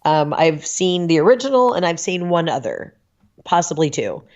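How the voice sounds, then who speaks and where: A woman podcast guest chatting casually, telling animated stories and laughing often. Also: lowish voice, moderate pace, lo-fi sound. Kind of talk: casual chat.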